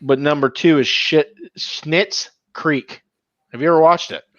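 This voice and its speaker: A man's voice: on the high side, measured pace, dry recording, dull audio. A man hosting a casual live chat show, chatty and given to laughing, busy with his screen as he talks. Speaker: podcast host.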